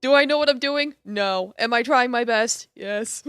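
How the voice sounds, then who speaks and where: A woman's voice: fairly high pitch, unhurried, fairly bright tone, clear, resonant tone, no room sound, studio quality. A woman streaming a game, reading its narration aloud with a playful, self-mocking manner. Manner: playful, self-mocking, laughs at her own voices. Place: home streaming setup.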